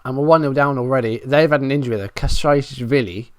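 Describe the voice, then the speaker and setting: A man's voice: mid-range voice, quick pace, no echo, clean studio sound. Frustrated man narrating a match. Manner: running play-by-play, frustrated and self-mocking. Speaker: gaming YouTuber. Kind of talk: Let's Play commentary.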